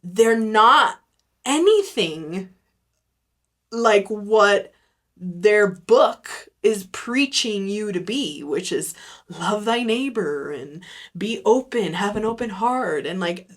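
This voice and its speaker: A woman's voice: medium pitch, animated, slow. A woman hosting her own podcast, talking through her views in a candid, reflective monologue full of "like.". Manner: candid and unfiltered, leans heavily on "like"; reflective, talks through her thoughts aloud. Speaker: podcast host. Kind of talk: casual solo podcast monologue.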